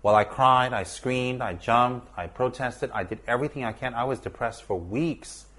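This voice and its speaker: A man telling a personal story in an earnest, measured way, repeating words for emphasis. He is a teacher with students at a monastery. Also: mid-range voice, a bit bright.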